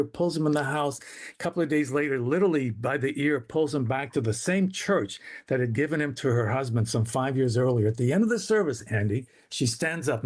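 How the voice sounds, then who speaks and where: A man telling his father's story as a guest on a talk radio show, animated, acting out the voices of the people in it. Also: medium pitch.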